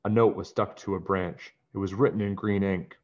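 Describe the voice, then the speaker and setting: Male reader, children's storybook narration, low voice, dull lo-fi sound. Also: steady tone, normal speed. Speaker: narrator reading a children's book. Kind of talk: children's book read-aloud.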